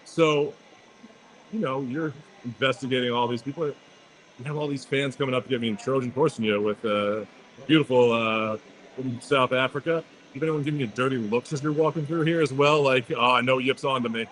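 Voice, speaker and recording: A man's voice: medium pitch, steady tone, moderate pace, slight background noise, rough recording. A man hosting a podcast live from a trade show, introducing a guest and teasing him playfully. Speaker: podcast host. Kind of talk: casual podcast banter.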